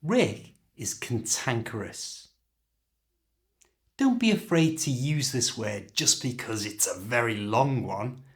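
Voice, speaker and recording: Slow, lively British English teacher. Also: male voice, medium pitch. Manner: slow, clear, demonstrative delivery. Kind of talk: scripted pronunciation lesson.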